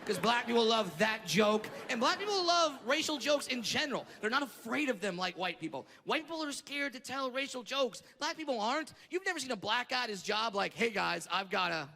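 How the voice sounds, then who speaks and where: A middle-aged man from Southern California doing a stand-up set on stage, brash and profane, shouting his punchlines. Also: very high-pitched, expressive, a little fast, few pauses, long reverb tail. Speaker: stand-up comedian. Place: comedy stage before a laughing audience. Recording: live stage sound with audience noise.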